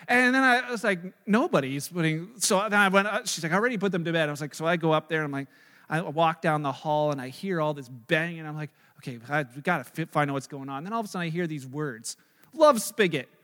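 A man in his thirties preaching a sermon, telling a story in a conversational, animated way with fillers and restarts. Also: on the high side, fast. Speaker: pastor. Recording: long reverb of a large hall.

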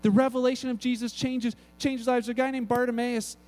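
A male pastor delivering a sermon, telling stories with lively acted-out voices and often repeating words as he goes. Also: very high voice, a little fast. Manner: animated storytelling, acts out voices, frequent repeated words.

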